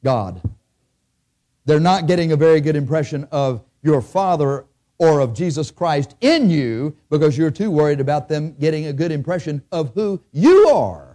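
A man's voice: a little high, lively intonation, normal speed, dark tone. A man preaching a sermon in a church, speaking conversationally and asking his listeners frequent questions.

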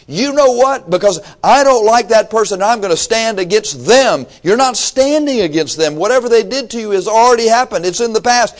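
A man preaching a sermon emphatically, swinging from low asides to shouted exhortation, reading scripture aloud and acting out his listeners' excuses. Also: lively intonation, brisk, hardly any pauses.

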